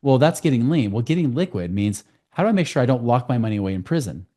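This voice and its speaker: A man speaking as a guest on a podcast interview, telling client stories in a quick, storytelling way. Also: medium pitch, sing-song, dark tone. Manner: fast, storytelling with client anecdotes. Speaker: guest, financial coach.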